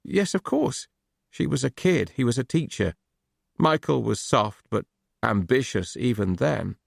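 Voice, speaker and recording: A man's voice: medium pitch, expressive, measured pace, gravelly, dry recording, clean studio sound, heavily acted. A man voicing a grieving male dentist who speaks in a shaky, hesitant voice in an audiobook. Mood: shaken.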